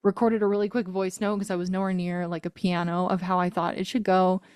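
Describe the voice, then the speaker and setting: A woman's voice: fairly low pitch, little pitch movement, brisk, a little mellow, clean tone, no room sound, studio quality. A woman in her thirties, a singer-songwriter guest, telling a personal story in a casual interview, earnest and emotional, with frequent laughs and fillers.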